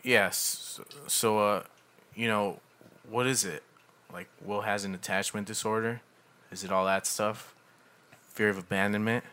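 A man reenacting a guarded, bitter young man in a therapy scene, speaking in low, muttered, clipped replies. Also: fairly even intonation, measured pace, pushed and bright. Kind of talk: fan reenactment of a film scene.

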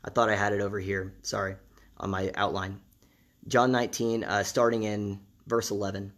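A man's voice: on the low side, little pitch movement, normal speed, fairly bright tone. A man preaching a sermon in a conversational way, repeating phrases for emphasis.

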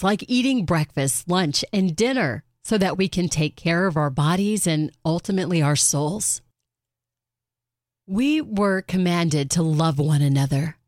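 A middle-aged woman talking earnestly and warmly about caring for her mother, with bright acted quotes here and there. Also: lowish voice, no room sound, clean studio sound. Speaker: caregiver sharing reflections. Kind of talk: personal reflective monologue.

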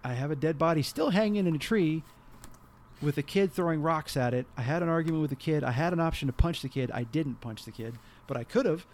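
A man co-hosting a podcast in casual chat, telling rambling, animated stories and laughing often. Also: a little high, a little fast. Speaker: podcast co-host.

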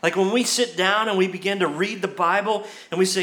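Pastor guy preaching at church, high bright voice, chatty, lots of "like" and restarts. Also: normal speed. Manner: conversational, frequent restarts and "like"; acts out quoted voices with rising pitch. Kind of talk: sermon. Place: church service.

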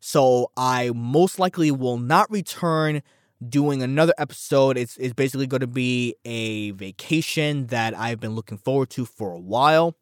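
A man's voice: mid-range voice, moderate pace, clear, resonant tone, dry recording. A young man talks through a casual solo podcast in a rambling, self-deprecating way, tripping over repeated words. He sounds a little out of breath. The recording is dry and close, with a mid-range voice. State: a bit out of breath from overeating. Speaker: podcast host.

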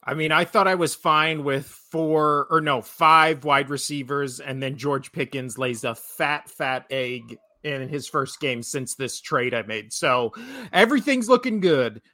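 A man in his thirties talks football on a podcast, teasing his co-host and laughing a lot. His voice is bright and a little higher than most men's. The sound is dry and close. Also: measured pace, no echo. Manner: joking, rambling, laughs often. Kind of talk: casual sports podcast chat.

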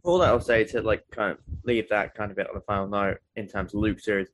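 A man's voice: fairly low pitch, steady tone, fast. Friendly man hosting a podcast. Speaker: podcast host. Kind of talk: casual podcast interview.

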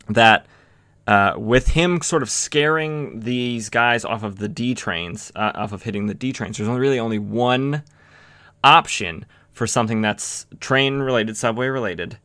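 A man hosting a comic book podcast, casually recapping an issue in a rambling way, with lots of "uh" and "you know" and quick acted-out quotes. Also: mid-range voice, bright, forceful tone, dry recording. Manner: rambling, many fillers and restarts, acts out quotes.

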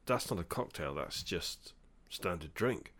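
A man's voice: low-pitched, animated, a little slow, a bit bright. A man co-hosting a podcast, joking and giving firm opinions in a casual chat. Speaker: podcast co-host.

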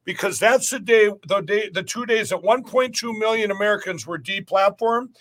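A middle-aged man with a high, bright voice speaks as a podcast guest. He rambles emphatically and keeps restarting his sentences as he pushes his point. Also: normal speed. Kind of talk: podcast interview talk.

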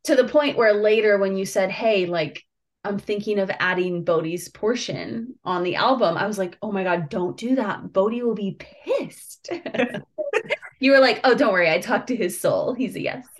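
A woman hosting a podcast, chatting warmly and emotionally with a friend, laughing often and speaking softly at tender moments. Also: mid-range voice, moderate pace. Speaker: podcast host. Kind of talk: casual heartfelt chat.

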